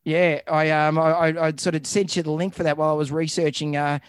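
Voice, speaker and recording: A man's voice: a little high, level tone, fairly quick, clear, resonant tone, no echo, clean studio sound. An Australian man hosting a casual podcast from home, joking and rambling with many restarts. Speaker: podcast host. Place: home, remote call.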